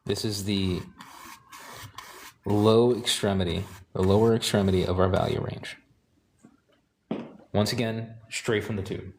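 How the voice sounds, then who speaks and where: A man teaching painting, talking calmly and thinking aloud while he works, sometimes correcting himself. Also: on the low side, a little slow, pauses often, a little hiss or hum. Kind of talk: live painting demonstration.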